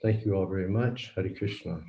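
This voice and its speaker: A man in his seventies giving a lecture over a video call, telling a story with lively acted-out dialogue. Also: deep voice, normal speed, slight background noise. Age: 70s. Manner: animated, acts out the dialogue. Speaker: lecturing swami. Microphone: computer mic on a video call. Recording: roomy echo.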